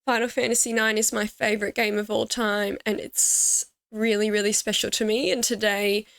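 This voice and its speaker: Teary, grateful woman with a gravelly edge. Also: mid-range voice, flat delivery, normal speed, dry recording. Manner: emotional, teary, grateful, with soft laughs. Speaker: gaming channel host. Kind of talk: heartfelt casual talk to camera.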